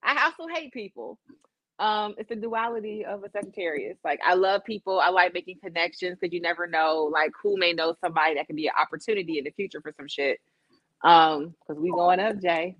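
A woman's voice: on the low side, fairly quick, no echo, lo-fi sound. A woman co-hosting a podcast, chatting casually in a candid, self-deprecating way. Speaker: podcast co-host. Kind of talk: casual chat.

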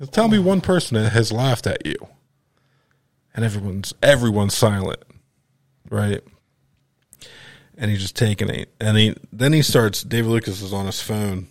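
Animated storytelling man, dry close sound. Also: on the low side, normal speed, long pauses, no room sound. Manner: animated, acts out other people's lines with profanity and laughter. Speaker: podcast host. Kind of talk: casual storytelling chat.

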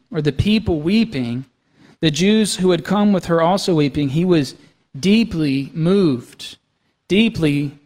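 High-voiced male pastor in a reverberant church. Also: darkish tone. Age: young adult to middle-aged, has young kids. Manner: conversational, asks the congregation "right?" and "okay?". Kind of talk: sermon. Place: church sanctuary. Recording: long reverb of a church hall.

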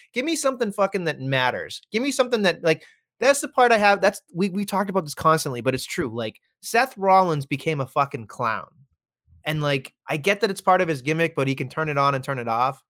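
A man's voice: a little high, big pitch swings, fairly quick, fairly bright tone. A man co-hosting a wrestling podcast, ranting heatedly and swearing constantly in casual chat. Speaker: podcast co-host.

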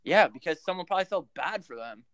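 A man's voice: high voice, fast talker. A man from Philadelphia, a hockey coach, telling profane stories in casual chat. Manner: profane, animated storyteller.

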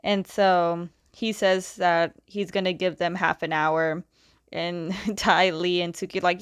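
A woman casually recapping a story, chatty, retelling scenes with lots of "like" and quick quoted lines. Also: lowish voice, fairly even intonation, clear, resonant tone, no room sound, studio quality. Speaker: comic recap talker.

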